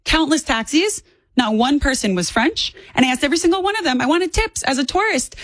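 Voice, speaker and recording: Twenties woman guest, talks fast and pushy, a bit high, dry close sound. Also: lively intonation, fairly bright tone, no echo. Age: 20s. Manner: fast, emphatic and opinionated. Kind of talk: political talk interview.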